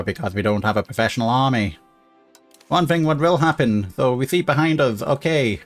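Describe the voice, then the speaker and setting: Man gaming commentator, mid pitch, musing aloud, soft music under him. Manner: thinking aloud with fillers and restarts. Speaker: gaming YouTuber. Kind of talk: casual let's-play commentary.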